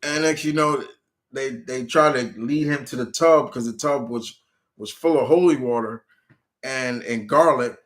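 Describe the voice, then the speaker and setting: A man hosting his own channel, chatting casually on a live stream and answering viewer questions. He rambles with many restarts and gets animated when retelling scenes. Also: medium pitch, a little slow.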